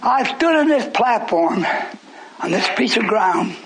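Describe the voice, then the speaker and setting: A man preaches in a notably high voice, his delivery swinging between shouted declarations and quiet, almost whispered asides. It is a live recording of a church service, with the congregation audibly calling back to him throughout. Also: expressive, a little slow, crowd noise, poor audio. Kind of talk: sermon. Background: congregation calling out responses.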